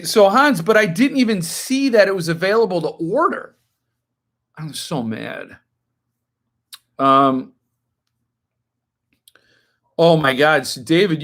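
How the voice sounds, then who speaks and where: Chatty man in his fifties, slightly high voice. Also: a bit bright. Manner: rambling and chatty, flares up into indignant rants. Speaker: live stream host. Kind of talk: casual live-stream chat reading viewer comments.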